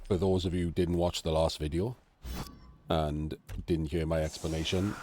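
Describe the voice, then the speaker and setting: A man's voice: sits low, little pitch movement, normal speed, warm tone, a little hiss or hum. A Welsh man with a nasal, throaty voice, sick and coughing, chatting casually through a game analysis. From Wales. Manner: chatty, self-deprecating asides.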